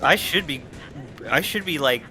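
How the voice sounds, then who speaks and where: Dude ribbing his buddy over gameplay, bright tone, blunt jokes, soft game music under. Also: fairly high pitch, expressive. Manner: teasing, blunt, quick jabs at his friend. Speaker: gameplay co-commentator. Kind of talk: casual chat watching gameplay.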